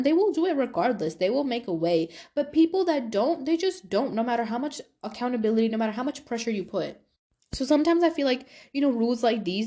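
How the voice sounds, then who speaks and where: A young woman hosts her own podcast and talks straight through a personal story. Her delivery is casual and chatty, and she keeps slipping into quoted dialogue to act out what other people said, with plenty of fillers along the way. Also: medium pitch. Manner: chatty, animated retelling with quoted voices and fillers. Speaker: podcast host.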